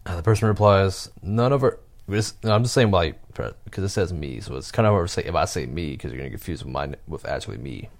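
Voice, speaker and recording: A man reading stories aloud and commenting on them, with halting asides and chuckles. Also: deep voice, creaky.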